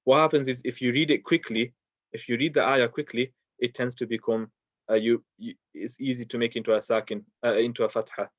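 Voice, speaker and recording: A man's voice: mid-range voice, fairly even intonation, no echo. Guy teaching quran recitation, patient, lots of um and uh, dry dull lo-fi sound. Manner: patient, repeats words slowly for practice, many fillers. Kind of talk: recorded online lesson, explaining pronunciation.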